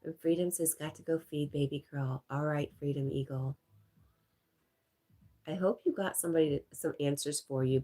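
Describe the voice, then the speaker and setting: A woman hosting a casual livestream, chatting and reading viewer comments aloud. She sounds stuffy-nosed and talks softly to her dog between comments. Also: low voice, moderate pace. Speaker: livestream host.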